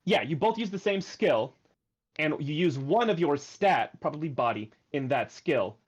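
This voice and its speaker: A man's voice: on the high side, expressive, normal speed, husky, muffled recording. A man running a tabletop game as game master, explaining the rules and thinking aloud.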